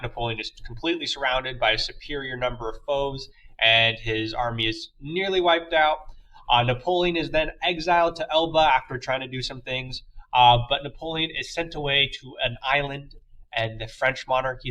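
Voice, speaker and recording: A man's voice: medium pitch, normal speed, bright, forceful tone, poor audio. A young man teaching a history lesson in a loose, chatty way, with lots of fillers and playful asides. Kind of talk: casual classroom lecture.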